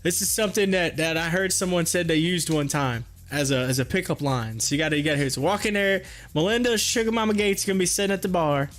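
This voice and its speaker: A man's voice: on the high side, fast talker, a bit bright. A man hosting a live stream, chatting casually and telling joking stories, often breaking into laughter. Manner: joking storyteller, laughs a lot.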